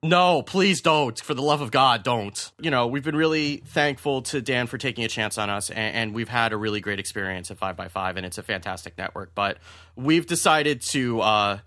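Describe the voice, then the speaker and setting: A man's voice: on the low side, pushed and bright, no room sound, clean studio sound. A man hosting a podcast in casual chat, joking and self-deprecating. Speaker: podcast host.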